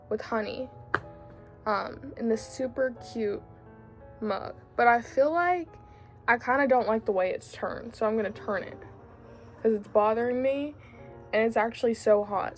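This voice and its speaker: A woman's voice: on the high side, unhurried, soft background music. A woman in her late teens with a Southern US country accent, chatting casually in a rambling way, full of fillers and self-corrections, as a book vlogger. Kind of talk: casual chat.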